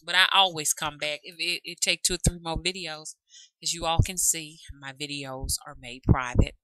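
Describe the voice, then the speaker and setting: A woman's voice: low-pitched, pushed and bright, no echo, low-quality recording. A woman from Alabama with a Southern drawl, chatting casually and rambling to her channel viewers as its host. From Alabama, USA. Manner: chatty, rambling, calls viewers y'all and love. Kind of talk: casual chat to camera.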